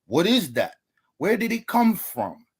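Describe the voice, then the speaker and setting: A man's voice: high voice, wildly swooping pitch, unhurried, breathy edge. A man giving a debate opening statement, lecturing and asking rhetorical questions.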